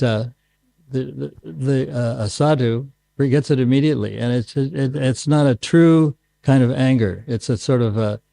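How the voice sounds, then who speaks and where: A man leading a temple class, answering questions in a dark, gravelly voice. He pauses often and restarts his sentences as he searches for words. The sound is dry and close. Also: medium pitch, no room sound. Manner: halting, many restarts and pauses. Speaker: guru giving a scripture class. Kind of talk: unscripted question-and-answer talk.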